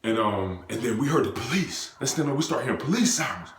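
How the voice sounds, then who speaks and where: A young man from the United States telling a personal story in an animated, slangy way, acting out what people said with sound effects. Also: mid-range voice, fast, a little hiss or hum. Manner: excitable, acts out quotes and sound effects, slangy and profane. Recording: roomy echo.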